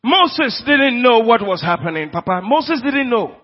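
A man's voice: very high voice, very animated, measured pace, hardly any pauses, slightly rough. A man preaching a sermon in a church in a Ghanaian English accent, emphatic and asking his congregation questions. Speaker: pastor. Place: church hall. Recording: dull, lo-fi recording in a reverberant church hall.

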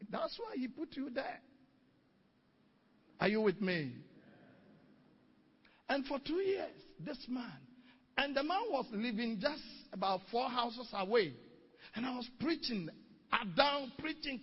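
A male pastor telling a testimony in an animated sermon, recorded dull and distant-sounding in a hall with long echo. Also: extremely high pitch, unhurried, pauses often, breathy edge. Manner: storytelling, animated, exclaiming.

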